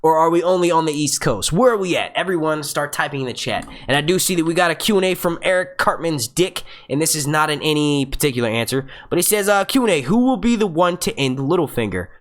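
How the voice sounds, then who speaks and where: A man's voice: fairly high pitch, fast, hardly any pauses, a bit bright. A young man hosting a casual live stream, profane and hyped, stuttering and restarting often as he urges viewers on. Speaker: livestream host.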